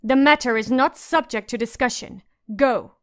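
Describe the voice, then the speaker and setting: A woman's voice: on the high side, normal speed, natural voice. A woman reading an audiobook, voicing a strict older governess who scolds firmly. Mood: stern. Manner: scolding and firm.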